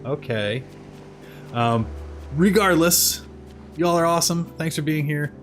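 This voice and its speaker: A man's voice: fairly high pitch, measured pace, fairly bright tone, poor audio. A man chatting casually while live-streaming a video game, rambling through asides and poking fun at himself. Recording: game music playing clearly behind.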